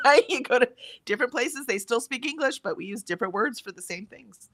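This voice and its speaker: A woman's voice: fairly high pitch, animated, quick pace, fairly bright tone, dry recording. An American woman with a general, accentless American voice, chatting casually on a livestream, reading out chat comments with frequent ums. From United States. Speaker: livestream co-host.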